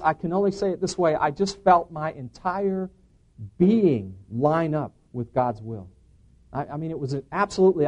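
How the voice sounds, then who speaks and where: A middle-aged man with a slightly high voice tells his personal testimony to an audience. He talks like an earnest storyteller and acts out the voices of the people in his story. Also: darkish tone. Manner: earnest storyteller who acts out the dialogue he quotes. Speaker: preacher giving a personal testimony.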